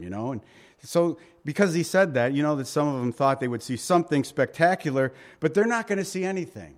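A man's voice: fairly high pitch, lively intonation, brisk. A man preaching a sermon, reading scripture and telling stories with acted quotes, his volume and pace swinging widely. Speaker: pastor.

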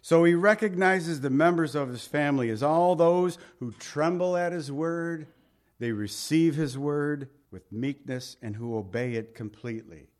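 A middle-aged man preaching a sermon in a conversational way, asking the congregation questions and swinging between emphatic and quiet lines. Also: a little high, measured pace. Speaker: pastor.

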